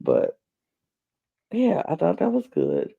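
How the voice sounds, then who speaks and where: Slow, creaky, and husky, this co-host's slightly high voice swings hugely in pitch as he rambles about a reality show with many fillers and false starts. The podcast audio is dull and lo-fi.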